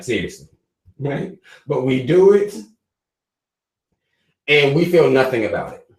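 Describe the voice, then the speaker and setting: A man's voice: medium pitch, roomy sound, poor audio. A man hosting a live stream, giving loose, profane commentary with frequent laughs. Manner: animated, swearing, laughing often.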